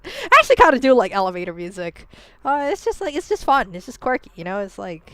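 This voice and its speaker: Her voice is high, brisk, and very animated, with a sharp edge. She's a woman chatting loosely with viewers during a game stream, rambling, cursing without restraint, leaning on "like," and restarting her sentences.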